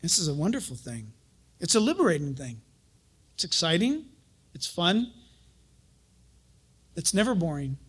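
High-voiced man preaching with chuckles. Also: normal speed, pauses often, slightly rough. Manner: animated storytelling, chuckles often, acts out quotes. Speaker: pastor and Bible teacher. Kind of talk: sermon.

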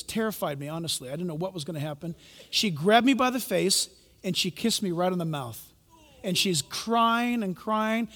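A man with a high-pitched voice delivers a sermon in a large church hall. He moves between hushed storytelling and sudden loud calls to the congregation. Long reverb hangs on every phrase. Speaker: pastor.

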